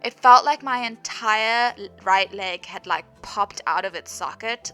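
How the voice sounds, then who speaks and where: A woman's voice: mid-range voice, unhurried, hardly any pauses, sharp tone, clean tone. A young woman in her twenties, chatting through a storytime voice-over with lots of "like" and frequent laughter. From South Africa. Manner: chatty, lots of "like", laughs often while telling. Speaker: vlogger. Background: faint background music.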